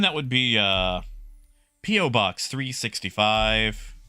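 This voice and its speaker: A man streaming a space game live, talking to his chat in an excitable way and often repeating himself. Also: fairly low pitch, slow, smooth, no room sound, clean studio sound. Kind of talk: live gameplay commentary.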